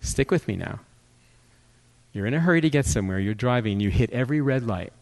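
A male guest speaker preaching a sermon with humor, joking and conversational, telling animated stories. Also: medium pitch, fairly quick.

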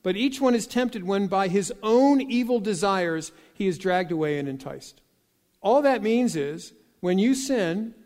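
A man's voice: sits high, a little mellow, in a large hall. A man preaching a sermon, telling folksy joke stories and acting out the dialogue with animation. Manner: folksy storytelling with jokes.

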